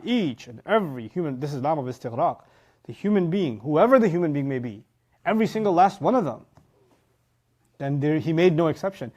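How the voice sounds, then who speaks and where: A middle-aged man teaching a religious lecture in an animated, emphatic way, quoting Arabic phrases and explaining them. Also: high-pitched, brisk. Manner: animated, emphatic, acts out students' voices. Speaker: Quran teacher.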